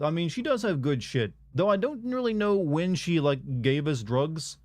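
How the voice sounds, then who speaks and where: A young man streaming a video game, chatting casually in a monotone and rambling with restarts. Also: on the high side, moderate pace, few pauses, dry recording. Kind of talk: casual chat while streaming.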